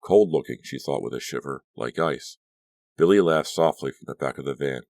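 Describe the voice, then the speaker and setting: A man narrating a suspense audiobook with measured, dramatic storytelling. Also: rumbling low, gravelly, a little mellow, no echo, studio quality. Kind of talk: scripted narration.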